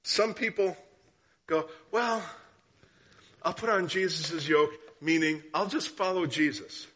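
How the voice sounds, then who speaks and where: Bright-voiced man preaching a sermon. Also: fairly high pitch, unhurried, a little hiss or hum. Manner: storytelling with rhetorical questions; drops to hushed tones for story, rises for questions. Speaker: guest preacher.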